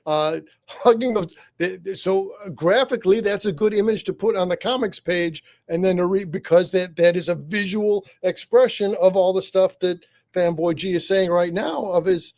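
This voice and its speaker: Excitable high-voiced man reviewing a show. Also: moderate pace. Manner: excitable, rambling with tangents and laughs. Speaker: podcast co-host. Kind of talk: enthusiastic review chat. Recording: live online show.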